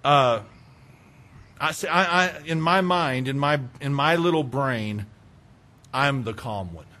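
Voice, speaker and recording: A middle-aged male pastor preaching a sermon, animated, swinging between loud urging and quiet asides. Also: mid-range voice, takes it slowly.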